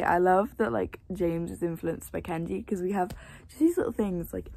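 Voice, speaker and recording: A teenage girl chatting casually in a reading vlog, gushing and excitable, swearing now and then, tired late at night. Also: lowish voice, moderate pace. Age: teens. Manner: gushing, excitable, swears, mixes soft asides with loud outbursts. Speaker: reading vlogger. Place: bedroom at home with a fan running.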